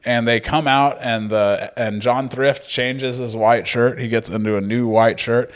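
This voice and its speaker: A man's voice: mid-range voice, unhurried. A man, co-hosting a podcast in casual, jokey, swearing chat. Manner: jokey, swearing, animated retelling. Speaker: podcast co-host.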